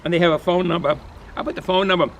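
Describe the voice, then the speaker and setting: A man's voice: high-pitched, fairly even intonation, rapid-fire, a little hiss or hum, low-quality recording. A man with a Boston accent rambling chattily through a casual beer review, full of fillers and repeats, recorded outdoors in the cold. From New England, US.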